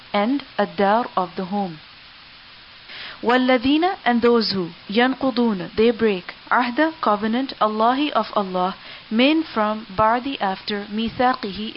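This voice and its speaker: A woman teaching at a quick pace, taking each word of a scripture and following it with its meaning. Her voice comes through a dull, lo-fi recording, with a faint hiss behind it. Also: on the high side. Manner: reads each word, then gives its meaning. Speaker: Quran teacher. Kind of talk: word-by-word translation lesson.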